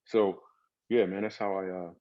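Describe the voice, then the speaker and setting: A man, a comedian guest in an interview, telling stories in a lively comic way with acted asides. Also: sits low, normal speed, dull audio. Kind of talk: storytelling interview talk.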